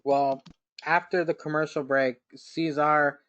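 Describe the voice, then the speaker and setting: A man's voice: on the high side, level tone, unhurried, a bit bright, no room sound. A man hosting a casual podcast chat, loose and joking, putting questions to his co-hosts. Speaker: podcast host.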